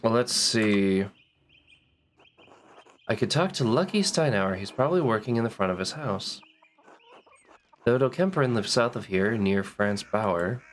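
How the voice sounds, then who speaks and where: A man's voice: on the low side, lively intonation, unhurried, pauses often, slight background noise. A man streaming a game, thinking aloud, reading bits of game text and laughing easily as he chats. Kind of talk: casual gameplay chat.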